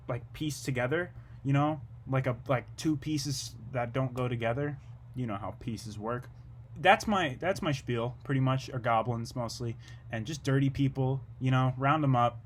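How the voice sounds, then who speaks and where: A young man delivering a rambling, absurd comedic monologue in a low-key, deadpan way, drifting from one tangent to the next. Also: a little hiss or hum.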